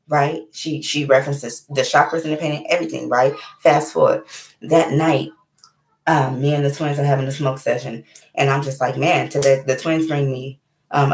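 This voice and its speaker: Candid, animated woman in an echoey room. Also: low-pitched. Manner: candid, animated, swears freely, says "right?" a lot. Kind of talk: casual storytelling monologue.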